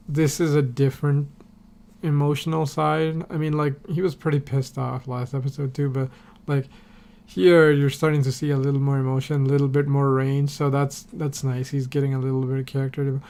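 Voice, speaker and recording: Guy rambling through a show recap on his podcast, kinda gravelly, flat delivery, faint hiss behind. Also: medium pitch, normal speed. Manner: rambling, filler-heavy, swears casually. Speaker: podcast host. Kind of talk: casual episode recap.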